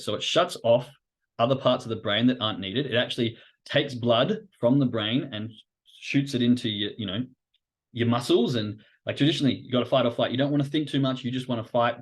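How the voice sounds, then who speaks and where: A man hosting a live stream on trading psychology. He talks casually and animatedly, swears now and then, and acts out inner voices. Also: mid-range voice. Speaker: host.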